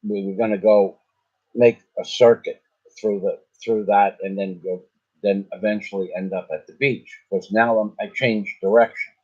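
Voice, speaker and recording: A man's voice: fairly low pitch, steady tone, normal speed, darkish tone, breathy edge. An older man telling a long story in a casual, rambling way, often repeating himself and restarting his sentences. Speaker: vlogger. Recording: slightly dull lo-fi sound.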